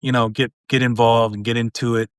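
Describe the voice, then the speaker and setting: A man's voice: medium pitch, level tone, brisk, dry recording, clean studio sound. A middle-aged man talking earnestly on a live video call, rambling and often adding "you know". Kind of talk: casual conversation on a live stream.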